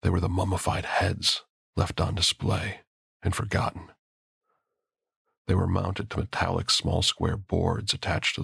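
A man narrates a first-person horror story with a very deep, gravelly voice full of fry. His tone is husky and rough rather than clean. The recording is close and dry, with no room sound. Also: fairly bright tone, dry recording.

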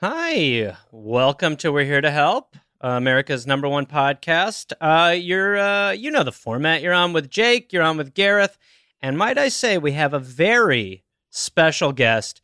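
A man's voice: a little high, big pitch swings, measured pace, bright, forceful tone, smooth, no room sound. A man co-hosting a call-in podcast, teasing and playful as he welcomes callers and guests on a studio microphone. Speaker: podcast co-host. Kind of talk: joking call-in podcast chat.

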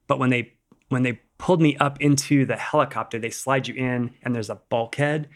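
A man's voice: mid-range voice, fairly even intonation, brisk. A middle-aged man, a podcast guest, telling a casual story in a rambling way, acting out what people said and using many "like"s.

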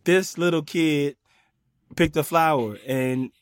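A man's voice: fairly high pitch, takes it slowly, clear, resonant tone, dry recording, studio quality. A man, a guest comedian, in casual chat, talking animatedly in a mocking, playfully ranting way.

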